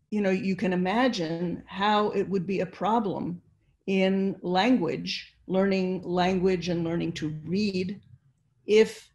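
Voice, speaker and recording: An older woman lectures over a webinar, speaking slowly and deliberately. She explains each point step by step, with pauses and fillers along the way. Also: medium pitch, darkish tone. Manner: slow, explanatory, with fillers and restarts. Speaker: neuroscience lecturer. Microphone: computer mic on video call.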